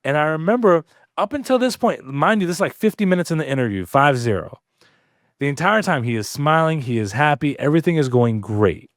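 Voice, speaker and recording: A man co-hosting a podcast, telling a story in a casual, animated way with lots of fillers. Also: on the high side, a little fast, no room sound, studio quality. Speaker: podcast co-host. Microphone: podcast studio mic.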